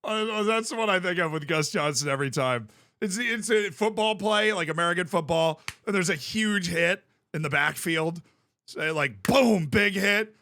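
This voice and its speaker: A man chatting casually on a live stream, telling stories in an animated way and laughing often. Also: sits high, normal speed, no echo.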